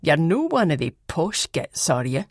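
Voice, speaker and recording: A woman's voice: low voice, sing-song, normal speed, dry recording, studio quality, heavily acted. A woman voicing a blunt punky teenage boy with a Fife Scottish accent.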